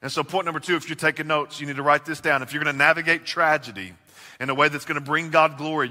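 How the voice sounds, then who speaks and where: A man's voice: fairly high pitch, fairly even intonation, fast talker, sharp tone, big-room sound. A man preaching a sermon as pastor, earnest, swelling and dropping his volume.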